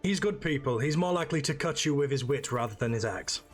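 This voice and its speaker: A man's voice: medium pitch, lively intonation, fast talker, soft background music. Flamboyant, cheeky man role-playing. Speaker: player. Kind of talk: in-character tabletop role-play.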